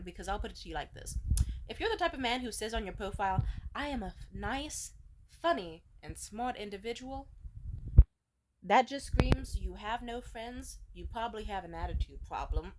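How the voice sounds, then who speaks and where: A woman's voice: mid-range voice, background noise. A young woman vlogger telling a dating story, blunt and profane, with sarcastic laughing asides. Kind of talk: casual storytime rant.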